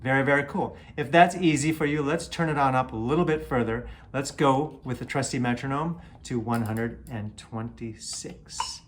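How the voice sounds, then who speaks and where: While playing guitar, a man casually teaches an exercise, counting the beats and chanting "triplet" loudly as the guitar sounds under his voice. He has a mid-range voice, a moderate pace, and few pauses. There's a little hiss or hum in the recording.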